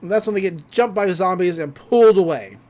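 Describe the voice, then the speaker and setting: A podcast host giving a casual episode recap, telling it with lots of laughter and quick character voices. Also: medium pitch. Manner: animated storytelling, laughs often, slips into character voices.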